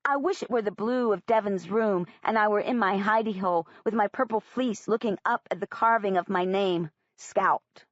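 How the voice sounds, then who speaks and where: A woman narrates a first-person audiobook in a plain, earnest storytelling voice. The recording is close and dry with little room sound. Its tone is a touch dull in the highs. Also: normal speed, few pauses, no room sound.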